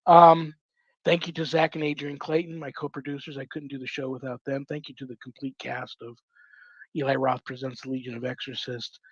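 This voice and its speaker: A man's voice: medium pitch, level tone, fairly quick, breathy edge, no echo. Effusive male host, muffled lo-fi sound. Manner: effusive, affectionate. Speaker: show host. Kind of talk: casual sign-off chat with guests. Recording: dull lo-fi sound.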